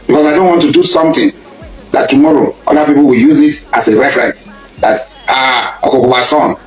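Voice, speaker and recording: A man with a Nigerian accent giving an impassioned public speech, accusing a rival and repeating his points, at times rising to a shout. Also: medium pitch, fairly quick, echoey room, faint music behind, low-quality recording. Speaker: public speaker addressing a rival.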